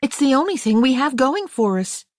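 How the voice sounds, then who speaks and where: A bright, eager young American girl with a quick, teasing tongue, her voice pitched high and bouncing as a woman narrator puts her on. The sound is close and dry, straight to the microphone with no room around it. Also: sing-song, no room sound. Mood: breezy. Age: young adult. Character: lively young American girl, impatient and cheerful.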